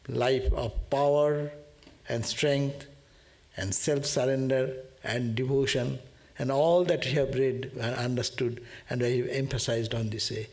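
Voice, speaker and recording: A man speaks at a devotional gathering in an earnest, halting way, often repeating a phrase. His voice sits at an ordinary middle pitch. He sounds like a swami giving closing remarks. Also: gravelly, darkish tone.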